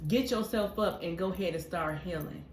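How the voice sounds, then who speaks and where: A woman's voice: on the low side, fairly quick. A woman co-hosting a podcast, talking in a casual, heartfelt way, emphatic and preacherly, calling listeners "honey". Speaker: podcast co-host. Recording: echoey room with faint noise.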